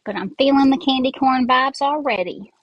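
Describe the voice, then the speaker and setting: A woman's voice: sits high, moderate pace, no room sound, muffled recording. A woman with a Southern accent chatting casually while she makes a craft, rambling as she works with her hands and a bit congested. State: congested from sinuses. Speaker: craft host. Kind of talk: casual craft tutorial chat. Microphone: earbud mic.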